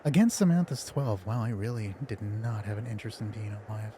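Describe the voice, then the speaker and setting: A man's voice: fairly low pitch, lively intonation, a little fast, dark tone, a little hiss or hum. A man running a tabletop game on a live stream as game master, joking and mocking himself, a little nervous. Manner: joking, self-mocking and chatty. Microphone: headphones on, streaming from home.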